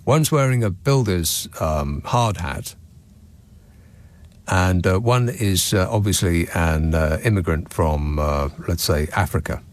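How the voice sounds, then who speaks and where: A man's voice: deep voice, expressive, slow pace. A man with a British accent hosting a phone-in radio show, talking in a wry, sardonic way from a studio mic. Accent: British English. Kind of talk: late-night call-in radio chat. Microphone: studio microphone.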